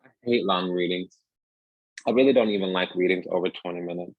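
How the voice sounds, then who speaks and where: A man's voice: deep voice, fairly quick, dry recording, phone-quality sound. A man giving a rambling, emphatic casual tarot reading, talking restlessly from card to card. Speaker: tarot reader.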